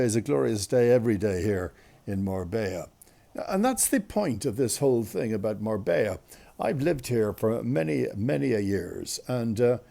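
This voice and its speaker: Man, gravelly voice, dark tone, rambling talk host. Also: medium pitch. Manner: rambling, with restarts and asides. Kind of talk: casual monologue to listeners.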